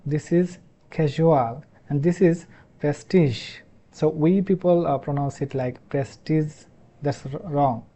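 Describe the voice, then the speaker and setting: Teaching English pronunciation in a halting manner, this Bangladeshi man, a Bangla speaker with a Bangladeshi accent, drills each sound over and over as he explains. His voice is on the high side with a dark tone.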